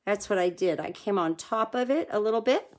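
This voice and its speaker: A woman's voice: medium pitch, animated, brisk. Woman, crafting demonstrator on a live stream, chatty and enthusiastic, talks viewers through each step. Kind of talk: live card-making demo.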